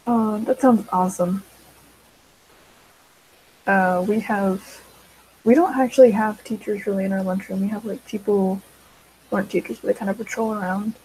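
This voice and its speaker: A woman's voice: mid-range voice, fairly even intonation, normal speed, pauses often, warm tone, slight background noise, low-quality recording. A teenage girl chatting casually while she draws, rambling with many fillers and side tracks. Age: teens. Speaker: vlogger.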